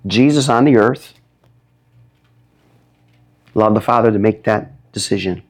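A man preaching a sermon, emphatic, his voice rising high when he gets stirred up. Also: a little slow, a little mellow. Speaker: pastor.

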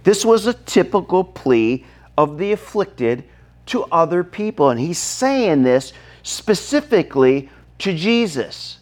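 A male pastor preaching slowly and deliberately, with a lively voice that climbs and dips. He lets his voice fall quiet, then acts out the characters with sudden loud cries. His voice sits a little on the high side. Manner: dramatic, acts out the scene, shifts from hushed to shouting. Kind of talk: sermon.

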